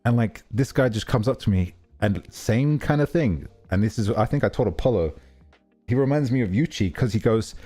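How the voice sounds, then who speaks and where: A man's voice: medium pitch, animated, normal speed, warm tone, faint music behind. A man streaming casually, telling a rambling story full of fillers and self-corrections. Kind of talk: casual livestream chat.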